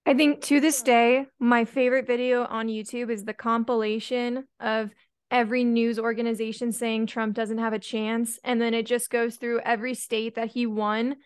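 A woman's voice: on the high side, little pitch movement, normal speed, clear, resonant tone. A woman hosting a podcast interview, reflecting in a casual way and asking her guest open questions. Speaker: podcast host.

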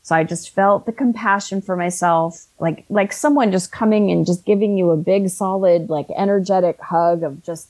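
Earnest woman in her fifties, lower voice. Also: moderate pace, hardly any pauses, darkish tone. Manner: earnest, frequent restarts and self-corrections. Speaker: author and life coach. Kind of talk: conversational storytelling.

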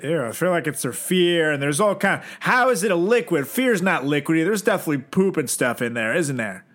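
A man's voice: fairly high pitch, lively intonation, fairly quick, a bit bright. A man co-hosting a podcast who is not a native English speaker, joking in rambling, self-mocking casual banter. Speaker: podcast co-host.

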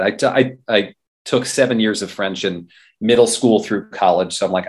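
A man's voice: lowish voice, moderate pace. A man, a radio journalist and performer, chatting as an interview guest, rambling with frequent restarts. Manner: rambling, many restarts and fillers. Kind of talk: casual interview talk.

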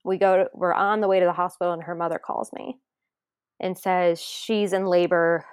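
A woman's voice: fairly low pitch, little pitch movement, moderate pace, darkish tone, clear, resonant tone, no echo, studio quality. A woman guest in an interview, earnestly recounting a personal story and re-enacting what others said, audibly emotional.

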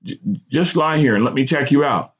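A man voicing a brisk male paramedic checking a patient with quick questions, in a storybook reading on a dull lo-fi recording. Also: mid-range voice, slightly rough, voice pushed up, close to an everyday voice.

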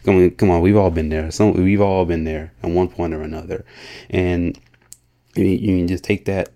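A man's voice: sits low, steady tone, moderate pace, warm tone. A man hosting a solo podcast, talking casually and earnestly in a motivational way, often laughing and restarting his sentences. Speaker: podcast host.

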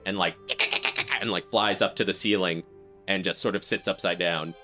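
A man's voice: deep voice, fairly even intonation, normal speed, bright, forceful tone, soft background music. A man narrating a tabletop game as game master, chatty and loose, with lots of filler words. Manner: chatty, full of "like" and "um".

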